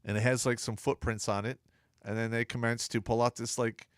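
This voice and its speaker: A man's voice: medium pitch, a little fast, no echo, studio quality. A man who is a podcast co-host and army veteran, telling stories in casual chat and acting out the people in them. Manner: animated, acts out voices in his stories.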